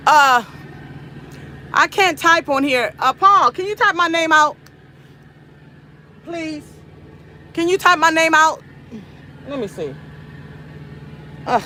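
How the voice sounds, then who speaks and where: A woman's voice: sits high, animated, takes it slowly, long pauses, pushed and bright, slight background noise. A woman truck driver chatting casually with her livestream viewers, rambling and talking straight to them with lots of "y'all". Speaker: long-haul truck driver and livestream host.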